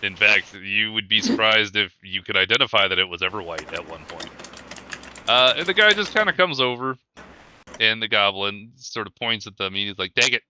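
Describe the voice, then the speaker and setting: A man's voice: fairly low pitch, lively intonation, normal speed, sharp tone, a little hiss or hum. A man running a tabletop game as game master, narrating scenes in rambling descriptions. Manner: rambling descriptions, many fillers.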